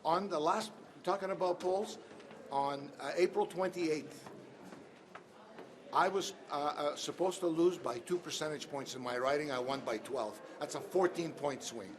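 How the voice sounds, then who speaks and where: A man's voice: a little high, a little slow. Emphatic male politician in a scrum. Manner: emphatic, repeats "okay?". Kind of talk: press scrum answers. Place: busy hallway. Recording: noisy crowd around.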